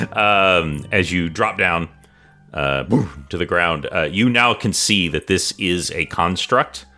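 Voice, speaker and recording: Brief: low, bright man running a tabletop game, chatty, full of fillers. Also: animated, slow pace, soft background music. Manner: chatty, hesitant with many fillers. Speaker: game master.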